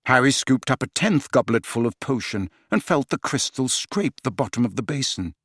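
A man narrating an audiobook in a dramatic, expressive reading style. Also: medium pitch, moderate pace, hardly any pauses, dry recording, clean studio sound. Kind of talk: scripted narration.

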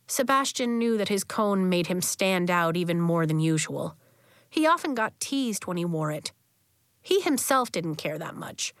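A woman narrating a children's novel with an expressive storytelling delivery, close to the mic. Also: fairly low pitch, unhurried, no echo. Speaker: audiobook narrator.

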